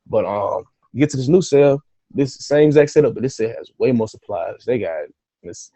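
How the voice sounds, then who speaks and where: Man telling a story, dark mellow tone. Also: medium pitch, moderate pace, no room sound. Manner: animated, profane, acts out his own reactions. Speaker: podcast guest, author. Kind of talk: casual storytelling.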